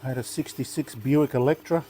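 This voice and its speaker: Older Australian male host, chatty and rambling, mellow dark tone, casual demo talk. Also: medium pitch, a little fast, a little hiss or hum. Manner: chatty, rambling, good-humoured storyteller. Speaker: knife sharpening channel host. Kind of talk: casual talk while demonstrating.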